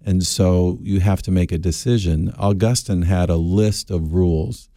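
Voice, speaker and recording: Deep gravelly radio guest. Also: male voice, fairly even intonation, mellow, dry recording, studio quality. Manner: earnest, halting with fillers. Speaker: guest Bible teacher. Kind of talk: radio call-in Bible answers.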